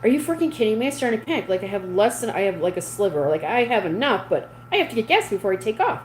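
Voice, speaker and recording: A woman's voice: mid-range voice, very animated, fast, a little hiss or hum, low-quality recording. A woman hosting a casual livestream, chatting with viewers and reading their comments aloud. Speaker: livestream host. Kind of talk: casual live chat with viewers.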